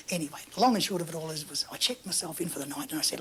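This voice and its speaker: An Australian man telling a story in a casual interview, acting out the dialogue in an animated way, his voice often breathy and half-whispered. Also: a little high, rapid-fire, few pauses, slight background noise. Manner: animated anecdotal, acts out dialogue. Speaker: interview guest.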